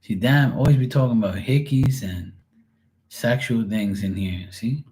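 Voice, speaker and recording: A man's voice: mid-range voice, unhurried, darkish tone. A man who reads tarot, chatting on a livestream in a casual, profane way and laughing often. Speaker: tarot reader.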